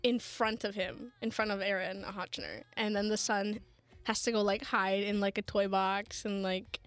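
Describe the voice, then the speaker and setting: A woman's voice: medium pitch, steady tone, moderate pace. A young woman hosting a podcast in casual chat, teasing her friends, swearing and laughing a lot. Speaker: podcast host.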